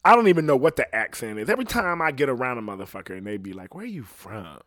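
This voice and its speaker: A man's voice: mid-range voice, very animated, rapid-fire, a bit bright, no echo, clean studio sound. A man from Ohio hosting a solo podcast, rambling in a profane, casual monologue and often asking "you know what I mean". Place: at home alone.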